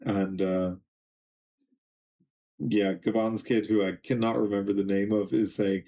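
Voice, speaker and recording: A man's voice: lowish voice, steady tone, unhurried, long pauses, dark tone. A young man casually reading and recapping a comic, rambling with many ums and little laughs. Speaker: manga reaction streamer.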